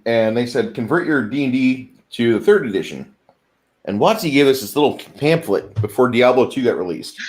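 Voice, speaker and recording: A man's voice: mid-range voice, darkish tone, reverberant, low-quality recording. A man hosting a casual tabletop gaming chat, reading out viewer comments in a laid-back, wry way. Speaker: podcast host.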